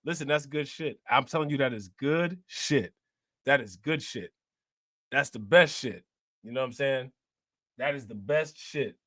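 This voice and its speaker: A man's voice: medium pitch, a little slow, pushed and bright, no room sound, studio quality. A man hosting a crypto livestream in casual chat, joking, laughing and slangy. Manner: joking, laughing, slangy, repeats "you know what I'm saying".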